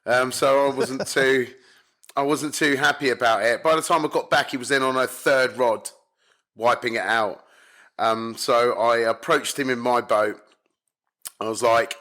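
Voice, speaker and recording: Uk carp fishing guy, bright punchy voice, swears loads, animated storytelling. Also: medium pitch, brisk. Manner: swears a lot, animated and blunt. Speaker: podcast guest, carp angler. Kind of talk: casual storytelling chat. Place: home in Spain.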